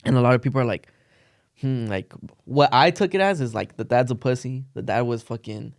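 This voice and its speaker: A man's voice: medium pitch, brisk, dry recording, studio quality. A young man casually telling a long story on a podcast, rambling with lots of "like" and cursing slang. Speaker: podcast co-host.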